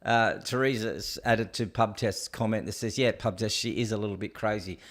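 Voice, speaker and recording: A man hosting a casual show, chatting and laughing loudly about viral clips. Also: lowish voice, brisk. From Australia. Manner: chatty, laughing often, loud and lively. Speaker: host.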